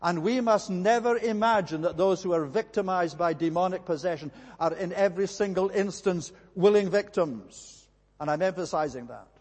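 A man's voice: sits high, normal speed, darkish tone. A man preaching a sermon earnestly, with emphatic repetition. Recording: long hall reverb.

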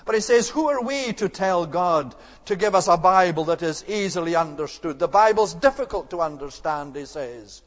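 Male preacher, high-pitched, earnest and emphatic delivery, long hall reverb. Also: expressive, moderate pace, few pauses. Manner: earnest, emphatic, rising to rhetorical outbursts. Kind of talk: expository sermon.

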